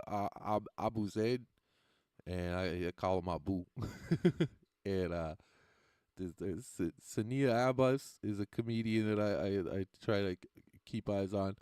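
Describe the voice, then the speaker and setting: Lowish and slightly mellow, this man's voice comes through a dry, clean studio recording. A stand-up comedian on a livestream, he chats with viewers in a loose, rambling, profane way and frequently cracks himself up.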